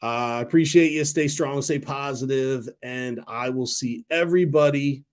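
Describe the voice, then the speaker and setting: A man's voice: mid-range voice, moderate pace. Guy in his 30s doing a rambly stock stream, gets worked up, swears a lot. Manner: rambling and excitable, swears freely. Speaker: stock talk channel host. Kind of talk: casual livestream chat.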